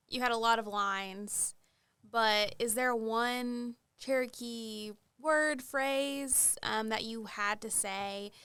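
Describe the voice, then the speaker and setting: Woman, interviewer, bright crisp voice, slightly high, slow unhurried pace, friendly light questions. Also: no room sound.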